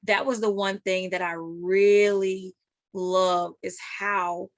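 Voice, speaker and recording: A woman's voice: mid-range voice, fairly even intonation, slow pace, dry recording. A woman hosting a casual interview, asking questions and affirming often. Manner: warm affirming, lots of yeahs. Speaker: interview host.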